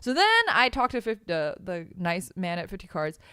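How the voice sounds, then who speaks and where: Woman podcast host, chatty rambling storyteller, animated pitch, dry close sound. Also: moderate pace, smooth, dry recording. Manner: rambling storyteller, many fillers, bursts into laughter. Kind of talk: casual chat on a streamed podcast.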